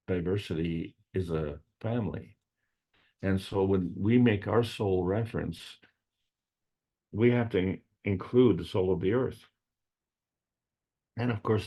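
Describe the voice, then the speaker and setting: A man presenting at an online meeting, speaking slowly in a rambling way with frequent fillers and restarts. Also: low voice, dark tone, slightly rough. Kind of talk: unscripted spiritual science talk.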